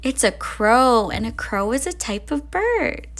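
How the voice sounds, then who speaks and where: A woman reading a story aloud to young children, expressive and asking them questions along the way. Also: fairly high pitch, a little slow. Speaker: early years educator.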